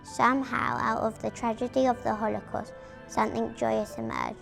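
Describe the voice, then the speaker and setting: A woman reading a prepared family account aloud at a memorial event, steady and careful. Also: fairly high pitch, moderate pace, gravelly, music in the background. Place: community arts venue.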